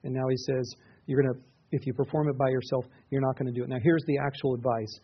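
Husky-voiced preacher man, earnest and conversational. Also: medium pitch, flat delivery, fast talker. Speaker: pastor. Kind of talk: sermon. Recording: dull, muffled lo-fi recording.

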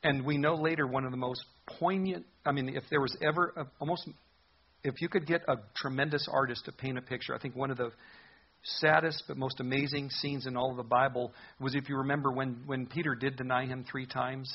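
A man's voice: mid-range voice, steady tone, fairly quick, breathy edge, dull audio. A man preaching a sermon as a pastor, earnest and conversational in his delivery.

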